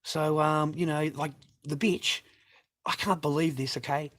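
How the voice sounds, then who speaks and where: A man's voice: on the high side, fairly even intonation, measured pace, fairly bright tone. A man in middle age vents to his viewers in a long aggrieved rant. He swears freely, circles back over the same points and keeps appealing to the audience. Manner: sweary, aggrieved, repeats himself, addresses viewers. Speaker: vlogger. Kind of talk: angry personal rant to camera.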